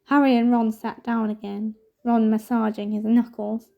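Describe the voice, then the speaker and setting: A woman reading a novel aloud in steady, measured narration. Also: a little high, vocal fry, phone-quality sound. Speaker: storybook reader.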